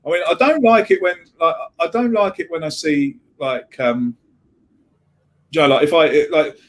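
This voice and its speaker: A man chats on a podcast with a slightly high voice. He rambles, repeats words as he restarts his sentences, and swears casually. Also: normal speed. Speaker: podcast co-host. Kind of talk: casual chat.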